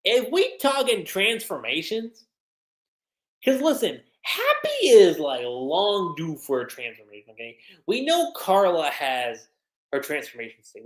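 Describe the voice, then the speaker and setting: A woman giving a casual, slangy livestream review that recaps an anime episode, with plenty of "like"s. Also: fairly low pitch. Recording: roomy echo.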